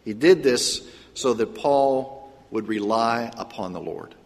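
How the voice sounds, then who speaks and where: A man preaching a sermon, often putting questions to the congregation and pausing for an answer. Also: medium pitch. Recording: echoey hall with long reverb.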